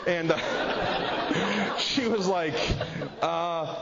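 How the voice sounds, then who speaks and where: A man's voice: high-pitched, drawn-out words, heavy background noise. Man preaching, self-deprecating storyteller. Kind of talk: humorous sermon story. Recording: dull lo-fi audio with crowd laughter.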